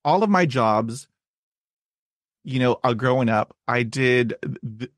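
A man who stutters, hosting a podcast and sharing his own experience in a halting way, with many fillers and repeated words. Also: medium pitch, lively intonation, no echo, clean studio sound. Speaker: podcast host. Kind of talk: casual conversation.

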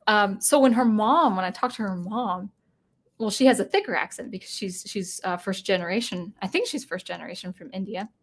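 A woman's voice: medium pitch, expressive, fairly quick. Rambling woman hosting a casual live stream. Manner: rambling, many restarts and self-corrections; chatty and reading viewer comments aloud.

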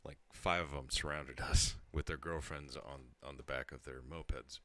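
A man's voice: extremely low pitch, fairly even intonation, normal speed, pushed and bright. A tipsy man in his thirties telling a rambling story to his channel, laughing and breaking off mid-sentence. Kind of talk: casual storytelling monologue.

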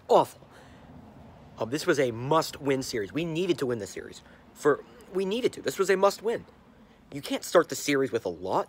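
A man's voice: mid-range voice, husky. A young man, a sports fan vlogger, ranting angrily to a handheld camera, repeating himself and stumbling over his words. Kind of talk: angry fan rant to camera.

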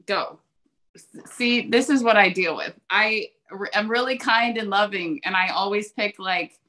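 A bubbly, animated woman talking casually on a video call as a guest trainer. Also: medium pitch. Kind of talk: casual chat.

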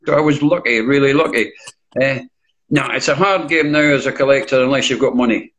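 A man's voice: medium pitch, fairly quick, fairly bright tone, low-quality recording. An older Scottish man, a DJ guest in a casual interview, talking bluntly and swearing freely. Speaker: guest, DJ and record collector.

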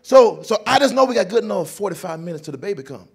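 Southern guy doing stand-up, animated, laughing, voice jumps around a lot. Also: high voice, fast talker, slightly rough. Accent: Southern American. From North Carolina, USA. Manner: animated storytelling, laughing, bursts of shouting. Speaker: comedian. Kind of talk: stand-up comedy.

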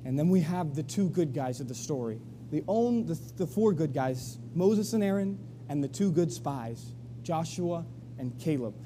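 A man preaching to his church with a high voice that is also very dark and mellow. He tells the story with energy and acts out the crowd's voices. A faint hum sits under the live-stream sound. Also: animated, normal speed. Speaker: pastor. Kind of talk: sermon. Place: church sanctuary.

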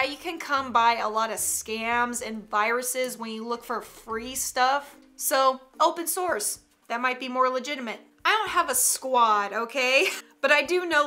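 Bright, high-voiced giggly woman vlogger. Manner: chatty, giggly, playfully sassy. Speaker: YouTube host. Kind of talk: casual meme reaction vlog.

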